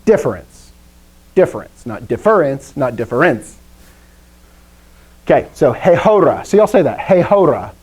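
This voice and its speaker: Woman, chatty joking teacher on a video call, very lively pitch. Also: normal speed, breathy edge. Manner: lively, chatty, quizzes the class, jokes. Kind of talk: live classroom lesson.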